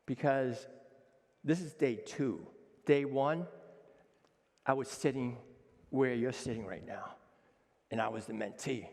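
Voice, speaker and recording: A man in his sixties, a chef giving an energetic, emphatic conference talk, acting out quoted dialogue. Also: medium pitch, slow pace, gravelly, pauses often. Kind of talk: conference speech. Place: conference hall with a seated audience. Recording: long hall reverb.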